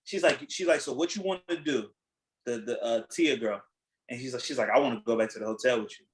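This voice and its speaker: A man hosting a podcast in casual chat, retelling a reality show in a blunt, animated way, acting out what people said and swearing freely. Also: medium pitch, fast, slight background noise, low-quality recording. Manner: animated storytelling, acting out quotes. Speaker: podcast host.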